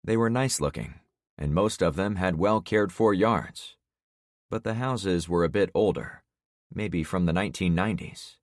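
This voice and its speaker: A man narrating a first-person audiobook in a steady, matter-of-fact way. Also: deep voice, normal speed, dry recording, studio quality.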